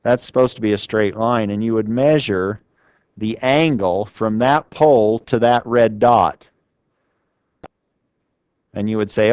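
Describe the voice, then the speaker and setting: A man lecturing a class, with a smooth, clear voice recorded dry and close. He talks in an easy conversational way, often stopping to ask the students questions. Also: fairly low pitch, unhurried, long pauses, a little mellow, no echo. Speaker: university lecturer. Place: lecture room.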